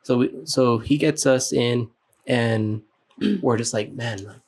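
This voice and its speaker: A man's voice: medium pitch, darkish tone, breathy edge. Laid-back young man chiming in. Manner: laid-back, halting, chimes in with short agreements. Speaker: podcast co-host. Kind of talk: casual chat.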